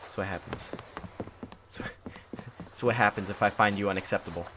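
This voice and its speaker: Young male streamer, low-pitched, tired and sarcastic, noisy home recording. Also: moderate pace, long pauses. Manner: sarcastic, grumbling mock indifference. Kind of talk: casual live-stream gameplay commentary. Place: hot room at home.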